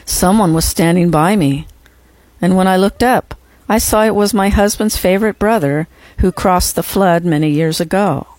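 Measured, reverent audiobook narrator. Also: medium pitch, a little mellow, dry recording. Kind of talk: audiobook reading of a first-person memoir.

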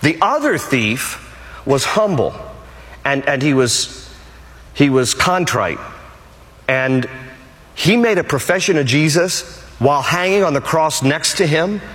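A man's voice: fairly high pitch, expressive, takes it slowly, pauses often, fairly bright tone. Emphatic male pastor preaching in a hall. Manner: emphatic, repeats key phrases. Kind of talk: sermon.

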